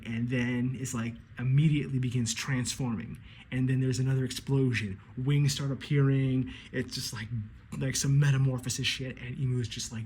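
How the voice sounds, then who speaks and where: Man, casual recap, excitable, acts out lines, mid-pitched, faint background hum. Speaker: anime commentator.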